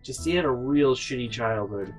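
A channel host runs a storytime vlog, rambling and swearing as he shares family anecdotes in an animated way. His mid-range voice moves at a moderate pace over soft background music.

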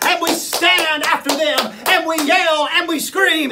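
A man preaching a fiery sermon as an evangelist, often shouting and repeating his phrases. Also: very high voice, measured pace, hardly any pauses.

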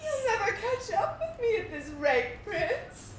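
Vain, tipsy leading lady, high and lively, theatrical and self-mocking, heard from a distant mic in a roomy theater. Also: unhurried, slight background noise, full character voice. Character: vain, insecure, tipsy actress wife in 1914 Vienna. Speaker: stage actress. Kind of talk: live stage play acting. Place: theater stage.

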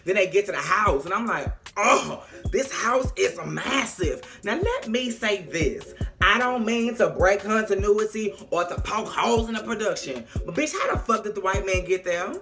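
A young adult vlogger recaps a TV episode with sass and drama, acting out characters' lines and talking frankly and profanely to viewers in an animated, impression-filled way. Her mid-range voice has lively intonation, normal speed and a sharp tone, with faint music behind.

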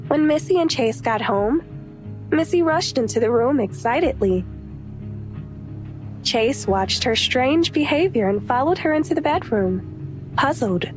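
A woman narrating a romance audiobook in a steady, even storytelling voice. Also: sits high. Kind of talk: scripted narration. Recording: soft music underneath.

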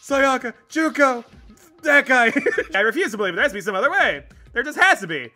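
A man plays through a game on stream, voicing the dialogue and cracking jokes. His voice sits high and bright and swings widely. He swears freely and laughs often. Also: sing-song, a little fast, faint music behind. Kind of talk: let's play commentary.

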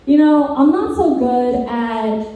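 A woman performing a stand-up comedy set, delivering deadpan dark one-liners that slip into sing-song lilts. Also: sits high, slow, phone-quality sound. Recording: very echoey room, distant mic.

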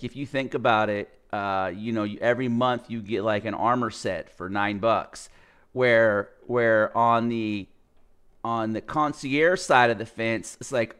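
A man's voice: medium pitch, clear, resonant tone. A man venting in a rambling, exasperated way over his computer screen, full of fillers, restarts and swearing. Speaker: gaming video creator. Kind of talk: casual screen-share rant.

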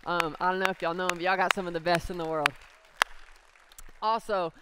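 A man's voice: sits high, fairly even intonation, a little fast, heavy background noise. A man who is the church's youth pastor, speaking upbeat and proud to the congregation. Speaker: youth and young adults pastor. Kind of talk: church service announcement.

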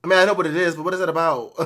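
A man reacting to a film for viewers, jumpy and loud, screaming, swearing and talking straight to his audience. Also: fairly high pitch. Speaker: movie reactor.

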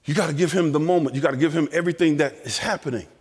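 A man telling lively family stories in a chapel sermon, acting out the voices. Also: fairly high pitch, very fast, slightly rough, in a large hall. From American South. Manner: animated storyteller acting out voices. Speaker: chapel speaker. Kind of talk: storytelling sermon. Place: college chapel.

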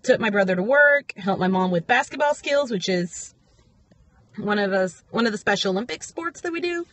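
Chatty young woman vlogging, lively pitch. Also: normal speed, no room sound. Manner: chatty and upbeat, high baby talk to her dog. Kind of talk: casual vlog chat.

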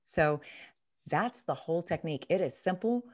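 Woman, low voice, middle-aged, acting coach, emphatic, demonstrating a reading technique. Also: expressive, moderate pace. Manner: emphatic, demonstrative teaching with quoted examples. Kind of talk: instructional interview.

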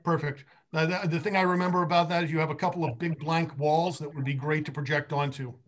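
A man with a slightly raised voice speaks as a financial consultant at a business meeting. He talks haltingly, with restarts and plenty of fillers. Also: on the high side, steady tone.

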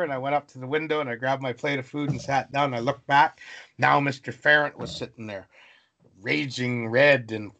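A man from British Columbia, Canada, telling a story as an interview guest, animated and acting out voices. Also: mid-range voice, moderate pace, vocal fry. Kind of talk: storytelling in conversation.

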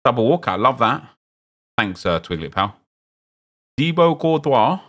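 Lively man streaming a game. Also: medium pitch, unhurried. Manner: chatty, reads chat aloud, gets loud and excited at good pulls. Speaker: gaming streamer. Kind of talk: live stream commentary opening game packs.

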